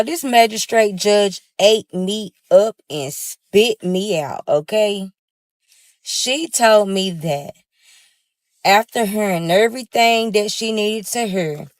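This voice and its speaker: Low-voiced woman telling a dramatic story. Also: no echo. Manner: dramatic, talks straight to viewers, swears freely. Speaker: storyteller recounting her own life. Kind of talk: casual storytime monologue.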